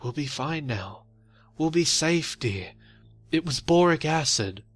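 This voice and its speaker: A man's voice: on the high side, lively intonation, takes it slowly, fairly bright tone, faint music behind, pitched above the performer's own voice, full character voice. A man voicing a frightened, slightly drunk older woman who pleads and rambles. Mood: pleading.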